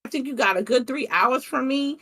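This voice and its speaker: Brief: young woman guest, lively storyteller, casual and candid. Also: high voice, a little fast. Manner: animated storytelling, swears casually. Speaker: content creator guest. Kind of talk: casual interview chat.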